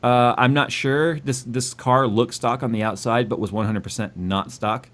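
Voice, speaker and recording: A man's voice: medium pitch, fairly even intonation, normal speed, fairly bright tone. A man co-hosting a casual tech livestream, reading donation messages and chatting in an exasperated, jokey way about being stressed.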